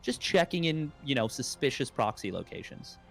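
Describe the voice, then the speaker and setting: A man's voice: mid-range voice, big pitch swings, moderate pace, gravelly, faint music behind. A young adult man casting an esports match in a casual, rambling way, with jokes and many fillers. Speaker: esports caster. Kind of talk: casual play-by-play commentary.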